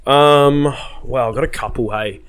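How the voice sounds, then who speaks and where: A young man in his twenties with an Australian accent, a podcast guest telling animated, self-mocking stories in casual slang. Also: medium pitch, unhurried, clear, resonant tone. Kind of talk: casual storytelling.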